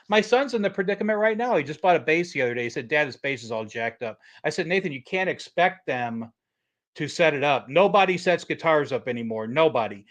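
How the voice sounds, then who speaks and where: A man's voice: fairly high pitch, a bit bright, dull audio. Brief: middle-aged man, livestream host, rambling and repetitive, lots of restarts and filler. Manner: rambling, repeats himself, frequent restarts and "uh". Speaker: livestream host answering chat questions. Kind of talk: casual livestream chat.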